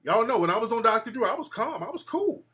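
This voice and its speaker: A man hosting a call-in show, telling stories in a boastful, animated way and acting out quotes. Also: very high-pitched, fast talker. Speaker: show host taking calls.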